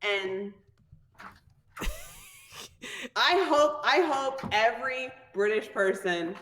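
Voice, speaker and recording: A woman's voice: on the high side, animated, very slow, a bit bright, long reverb tail, a little hiss or hum. A woman from the United States chatting casually, upbeat and joking. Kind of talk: casual chat.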